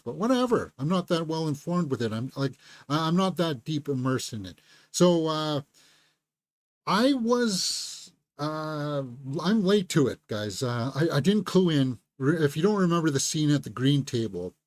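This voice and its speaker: Man, movie news host, casual live stream, rambling, lots of uhs, mid pitch, dry sound. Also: no echo. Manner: rambling, many fillers and restarts.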